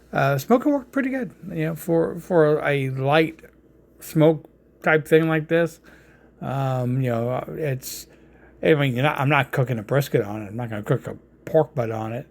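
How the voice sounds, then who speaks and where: A man's voice: fairly high pitch, gravelly, darkish tone. A man with a New York accent hosting a casual cooking vlog, rambling with plenty of fillers and restarts. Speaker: cooking channel host.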